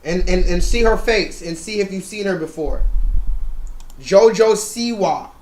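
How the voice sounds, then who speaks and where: Man, very high voice, profane live-stream rant, mocking, loud. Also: measured pace. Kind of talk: ranting live stream commentary.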